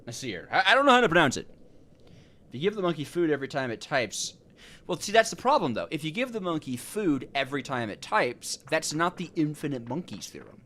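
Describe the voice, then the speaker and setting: A young man with a bright, clear voice streams a video game and chats with his viewers. He jokes and rambles, and his pitch swings up and down a lot as he talks. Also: sing-song, a little fast. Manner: joking, rambling, answers chat. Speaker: gaming streamer. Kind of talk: casual let's-play chat with viewers.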